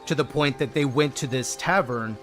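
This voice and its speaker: A man's voice: medium pitch, moderate pace, fairly bright tone, soft background music. A man livestreaming a game, chatting playfully with his viewers and greeting them by name. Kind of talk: casual gameplay chat with viewers.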